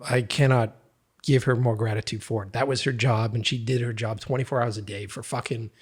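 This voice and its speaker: Man, podcast guest, husky voice, mid-pitched, casual animated storytelling. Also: brisk. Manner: animated, laughing anecdote telling.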